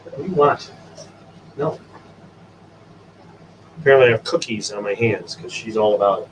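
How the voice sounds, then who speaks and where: A man hosting a casual stream and giving his dogs coaxing commands, jumping to high sing-song calls. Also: normal speed. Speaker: stream host. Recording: distant from the mic. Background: dogs, faint room noise.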